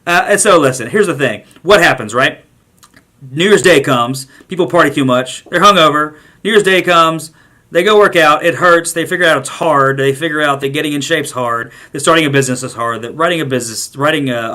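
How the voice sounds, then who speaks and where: A man's voice: fairly high pitch, brisk, bright, forceful tone. A man hosting a short daily vlog, ranting emphatically and repeating himself for emphasis. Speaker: podcast host.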